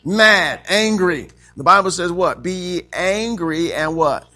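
A man preaches from a set outline in a high, light voice. He calls out questions for the congregation to answer and fills his pauses with amen. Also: animated, pushed and bright. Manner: call-and-response preaching, frequent amens. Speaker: pastor. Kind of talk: sermon.

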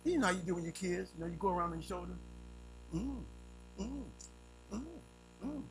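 Gravelly high-voiced preacher. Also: male voice, animated, fairly quick, long pauses, noisy background. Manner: storytelling with vivid sound effects, swings between loud and hushed. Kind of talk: sermon.

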